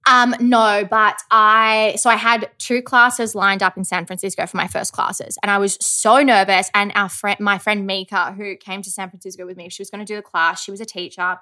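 A woman's voice: mid-range voice, little pitch movement, moderate pace, few pauses, bright, forceful tone. A young woman co-hosting a podcast, telling a story in chatty, casual talk with some swearing. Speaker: podcast co-host. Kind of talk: casual chat.

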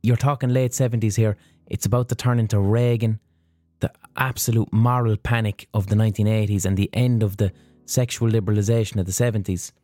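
A man's voice: lowish voice, fairly even intonation, brisk, warm tone, dry recording. A man hosting a podcast, telling a story in a casual, profane monologue. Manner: profane, storytelling with acted-out quotes. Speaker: podcast host.

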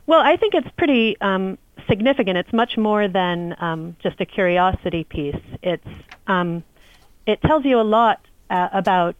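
A woman, a literary editor, answering interview questions in a measured way with frequent hesitations. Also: medium pitch, lively intonation, no echo, dull audio. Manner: measured, many ums. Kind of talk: podcast interview.

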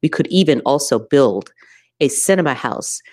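Low-voiced woman, a thoughtful festival programmer. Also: lively intonation, darkish tone, no echo, studio quality. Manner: thoughtful, searching, many "uh" and "um" pauses. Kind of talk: interview answers.

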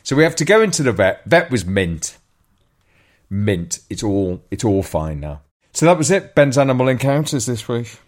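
A man, co-hosting a show and telling a story in lively casual chat, often laughing and swearing. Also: mid-range voice, normal speed. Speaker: radio co-host.

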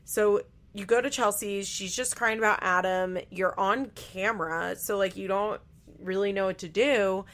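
A woman's voice: mid-range voice, moderate pace, a bit bright. A woman host giving casual, blunt commentary on a reality show, chatty and swearing freely.

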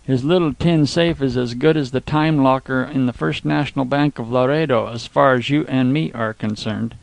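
A man's voice: medium pitch, normal speed, creaky, dry recording, natural voice. A man doing a cool young Texan outlaw. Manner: calm drawl with cowboy slang.

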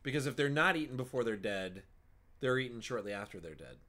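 A man with a bright, ringing voice co-hosting a podcast. He talks with lively ups and downs in pitch, running with each joke and spelling out the context behind it. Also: a little fast. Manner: animated, explains jokes at length. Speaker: podcast co-host and editor. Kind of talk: casual comedic chat.

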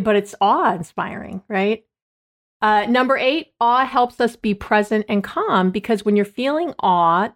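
Chatty, enthusiastic woman hosting a solo podcast, mid-pitched, often breaking off her own sentences. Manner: chatty, enthusiastic, self-interrupting. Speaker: podcast host. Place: United States.

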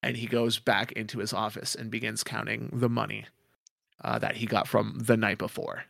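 Gravelly man narrating a tabletop game. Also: on the low side, little pitch movement, normal speed, a bit bright, no room sound, studio quality. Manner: casual, searching for words, many ums. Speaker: game master.

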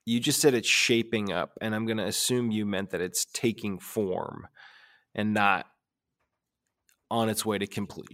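A man's voice: lowish voice, steady tone, unhurried, fairly bright tone, dry recording, clean studio sound. A man co-hosting a podcast, talking in an easygoing, earnest way, often saying "dude" and "you know". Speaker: podcast co-host. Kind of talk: casual chat.

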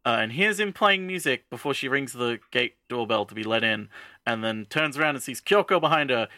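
A man co-hosting a podcast, excitedly recapping an episode with lots of swearing and "like". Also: mid-range voice, fairly quick, dry recording, studio quality. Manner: excited, profane, heavy use of "like". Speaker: podcast co-host. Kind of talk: casual chat, recapping an anime episode.

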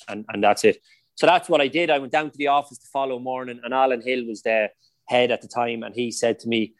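A man's voice: medium pitch, quick pace, dry recording. A middle-aged Irish man, a former footballer, telling anecdotes in a casual podcast interview, with lots of "like" and "you know".

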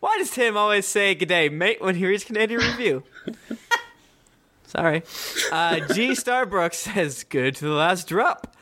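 Animated, jokey male podcast co-host. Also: high voice, measured pace. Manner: animated, jokey, swings between deadpan and mock-dramatic. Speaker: podcast co-host reading listener reviews. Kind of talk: casual banter, reading reviews aloud.

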